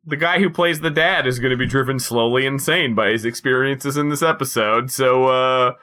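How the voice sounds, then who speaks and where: Woman with a very low, bright voice. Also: normal speed. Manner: wry, dry humor. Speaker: podcast co-host. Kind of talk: casual chat. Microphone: video call.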